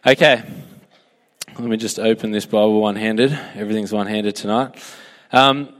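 A man's voice: lowish voice, fairly even intonation, normal speed, a bit bright, big-room sound. A young Australian man giving a casual, joking sermon to a youth group and asking for a show of hands.

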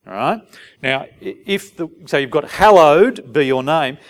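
Man, preacher, sermon, slightly high voice, very lively pitch, rhetorical questions. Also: measured pace. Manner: animated, asks the audience rhetorical questions, acts out short dialogues.

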